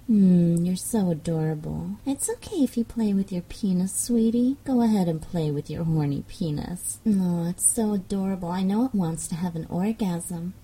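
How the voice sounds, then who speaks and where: A young woman leads a teasing hypnosis role-play in a very slow, coaxing manner. Her voice is husky and breathy, with a deep, mellow tone that sits a little low for a woman, and she lets soft laughs slip in. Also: low-quality recording. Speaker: audio role-play performer.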